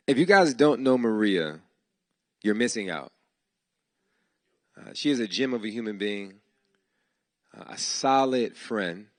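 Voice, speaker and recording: A man's voice: lowish voice, a bit bright, no room sound. A man hosting a startup demo day, giving heartfelt, casual, slangy thanks to his team in a live speech before an audience. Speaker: event host giving thanks. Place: event hall before an audience.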